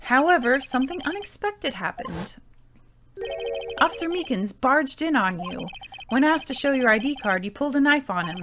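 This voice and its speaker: A woman's voice: high-pitched, sing-song, normal speed, background noise, voice pushed up. An Australian woman reading a confident young defense lawyer. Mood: accusing.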